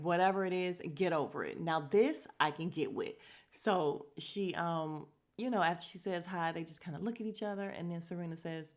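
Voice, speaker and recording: A young woman talks through a show recap in a casual podcast chat, her voice sitting a little low. She is animated and swears freely, slipping into quick voices to act out the scenes. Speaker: podcast host.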